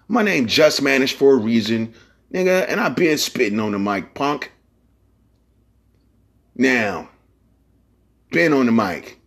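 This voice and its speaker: A man's voice: mid-range voice, big pitch swings, a little slow, pauses often. Give me a man hosting a podcast in a loose, profane monologue. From San Francisco Bay Area. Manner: profane, rambling, streetwise slang. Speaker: podcast host.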